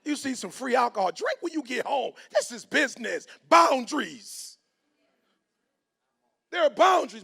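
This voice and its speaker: A man's voice: very high-pitched, moderate pace, vocal fry, long pauses, slightly rough. A middle-aged man, giving a preacher-style motivational talk and acting out both sides of his stories. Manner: animated, acts out both sides of stories in quoted voices. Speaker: motivational speaker.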